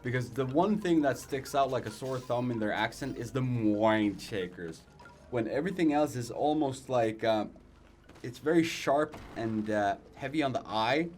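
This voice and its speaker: A man's voice: medium pitch, expressive, moderate pace, a little mellow, soft background music. Ranting young man commenting on gameplay. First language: not English. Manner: ranting, profane, self-mocking. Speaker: let's play host.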